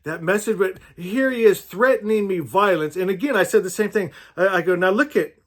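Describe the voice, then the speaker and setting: A man's voice: high-pitched, a little fast. A man giving an informal, earnest sermon, rambling through personal stories with frequent restarts and asides to his listeners. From California, USA. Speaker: spiritual teacher.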